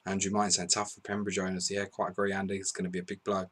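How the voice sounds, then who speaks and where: Man, bright voice, live fantasy football host, excitable, reads chat messages. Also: low voice, racing. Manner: excitable, swearing, laughing, reading out chat messages. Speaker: podcast host.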